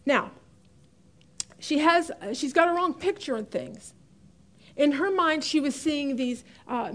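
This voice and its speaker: A middle-aged woman teaching a women's Bible study class in a chatty way, often laughing and stressing key words. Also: high-pitched.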